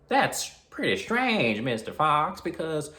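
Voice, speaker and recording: Man doing a motel manager voice, higher than his own, drawled and unhurried, dismissive, echoey room. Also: big pitch swings, sharp tone, full character voice. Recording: roomy echo.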